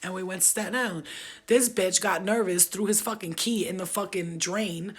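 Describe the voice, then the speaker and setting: A woman's voice: medium pitch, fairly even intonation, moderate pace, breathy edge. A woman telling her life story on a live stream in a blunt, emphatic, profane way. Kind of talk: casual unscripted storytelling.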